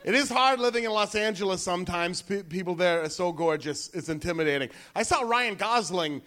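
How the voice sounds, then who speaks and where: A man in his thirties doing a stand-up comedy set on stage, talking casually and building up into shouted rants. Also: high voice, brisk. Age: 30s. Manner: conversational, rising into shouted rants. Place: comedy club stage before a laughing audience.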